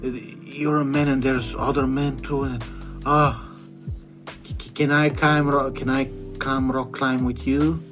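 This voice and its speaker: A man voicing a naive, excitable young woman who talks in a high, eager, stammering way, with music behind. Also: measured pace, close to an everyday voice.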